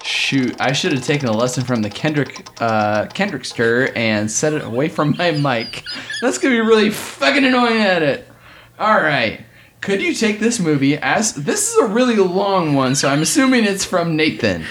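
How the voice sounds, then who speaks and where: A man's voice: on the high side, very animated, normal speed, a bit bright, a little hiss or hum. A man co-hosting a podcast in casual chat, joking, laughing often and swearing casually. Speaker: podcast co-host.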